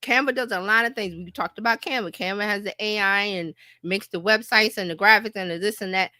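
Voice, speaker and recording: Animated, bright-voiced middle-aged woman coach. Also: medium pitch, fairly quick, no echo, clean studio sound. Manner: animated, breezy, fills gaps with playful "da, da, da". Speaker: marketing coach. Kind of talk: lively workshop presentation.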